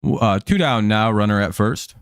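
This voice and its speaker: A man's voice: fairly low pitch, normal speed, no echo. A man hosting a baseball watch-along stream, chatting casually and joking with plenty of swearing, recorded on a close, dry mic. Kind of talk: casual live-stream game commentary.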